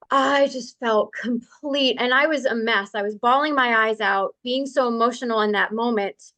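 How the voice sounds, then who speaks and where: A woman's voice: a little high, fairly bright tone, dry recording. A woman telling personal stories as a podcast guest in an earnest, conversational way, speeding up in bursts. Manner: earnest, quick bursts of speech with laughs. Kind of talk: conversational storytelling.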